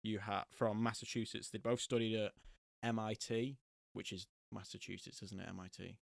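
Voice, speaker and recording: Brief: young guy, podcast host, jokey chat, gravelly tone. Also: on the low side, little pitch movement, moderate pace, no room sound, studio quality. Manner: jokey, laughs often, does silly voices. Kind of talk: casual chat.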